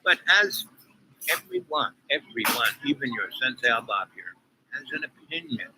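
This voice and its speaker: A man's voice: medium pitch, lively intonation, moderate pace, noisy background. Rambling man talking while eating. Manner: talks with his mouth full, eating breakfast; rambling, opinionated, digressive. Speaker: online show host. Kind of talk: rambling political commentary.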